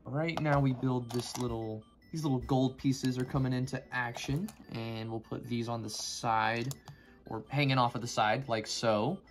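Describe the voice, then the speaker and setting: A man's voice: mid-range voice, fairly even intonation, measured pace, soft background music. A man giving casual commentary on a toy build, rambling and joking as he goes. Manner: rambling, joking, easily sidetracked.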